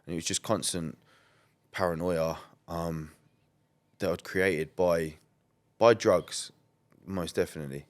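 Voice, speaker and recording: A man's voice: low-pitched, fairly even intonation, measured pace. A man, a podcast guest, talking candidly and bluntly in a rambling, conversational way full of "like" and "um". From England. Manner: rambling, many "like" and "um" fillers, blunt and swearing.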